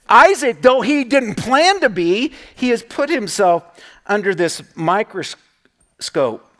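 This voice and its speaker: A middle-aged pastor with a fairly high voice delivers a sermon. He tells stories casually and leans on "right?" asides. His pitch sits on the high side for a man. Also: big pitch swings, takes it slowly, a bit bright. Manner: conversational storytelling with frequent "right?" asides.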